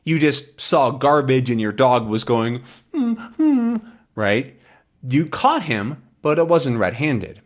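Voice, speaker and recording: A man's voice: medium pitch, takes it slowly. A man teaching English, patiently explaining words from a comic with everyday examples. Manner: animated voice, jumps into acted quotes. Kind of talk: language lesson explaining a comic.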